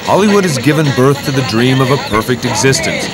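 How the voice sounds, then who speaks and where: A man reading scripted documentary narration in a measured, solemn way. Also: mid-range voice, very animated, loud music behind the voice.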